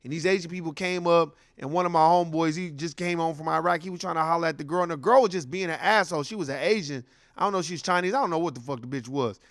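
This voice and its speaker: A man's voice: fairly high pitch, very fast, fairly bright tone, no echo, clean studio sound. A man hosting a commentary show, ranting bluntly and heatedly, telling stories with acted-out quotes. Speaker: host.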